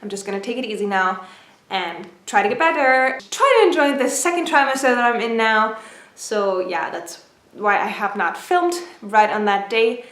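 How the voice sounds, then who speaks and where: Breathless, excited young woman vlogging. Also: on the high side, normal speed, echoey room. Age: 20s. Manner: excited, chatty storytelling. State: out of breath, stuffy nose from a cold. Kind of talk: casual vlog update.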